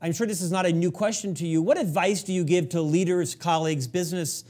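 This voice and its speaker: High-voiced man hosting an interview. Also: fast, darkish tone. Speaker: interview host. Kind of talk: friendly interview questions.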